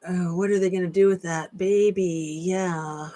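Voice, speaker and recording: Woman host chatting casually on a livestream, slow and unhurried. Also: on the low side, steady tone, warm tone. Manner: chatty, scattered, reacting to comments. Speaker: channel host.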